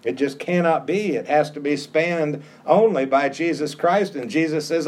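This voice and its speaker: Emphatic preaching man, slightly high voice. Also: moderate pace, hardly any pauses, a little mellow. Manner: emphatic, repeats phrases for stress. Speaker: pastor. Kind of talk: sermon.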